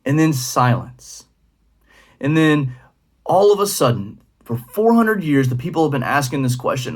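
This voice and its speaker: A man's voice: on the high side, measured pace. A young man giving a casual, conversational devotional talk as a youth pastor, with frequent fillers. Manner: relaxed and conversational, with many fillers.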